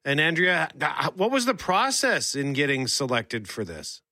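A man hosts a live radio show and introduces his guest in an upbeat broadcaster manner. His voice is bright and a little higher than most men's. The studio sound is dry and close. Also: big pitch swings, a little slow, no echo. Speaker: radio host.

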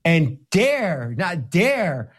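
A man, a lawyer and guest, talking emphatically in an interview, slowing down to stress his points, sometimes sarcastic. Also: high-pitched, big pitch swings. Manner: sarcastic at times. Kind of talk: podcast interview talk.

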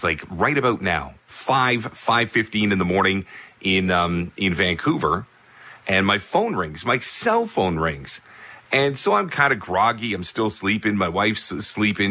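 Lowish voiced guy, bright tone, chatty sports broadcaster telling a story. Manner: animated anecdote with asides. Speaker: baseball broadcaster. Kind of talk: casual storytelling.

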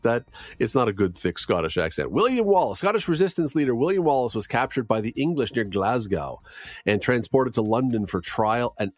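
A man's voice: medium pitch, no echo, clean studio sound. A man hosting a radio segment, reading news and on-this-day trivia in a casual, chatty way with wry asides. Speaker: radio host.

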